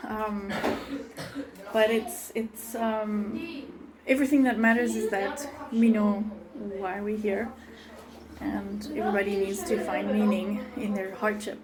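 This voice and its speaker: A woman's voice: medium pitch, steady tone, slow pace, a crowd in the background, low-quality recording. Breathless mother filming a phone walk-through. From immigrant to Israel. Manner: breathless, chatty, laughing. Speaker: resident showing her shelter route. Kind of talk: handheld video walk-through. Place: outdoors, then in a bomb shelter.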